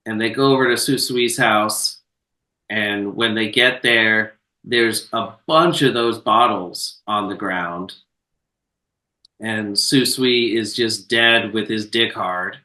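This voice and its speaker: A man's voice: fairly low pitch, takes it slowly, pushed and bright, reverberant, distant mic, poor audio. A man co-hosting a podcast, casually recapping a film plot in a laid-back, profane way with lots of filler words. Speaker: podcast co-host.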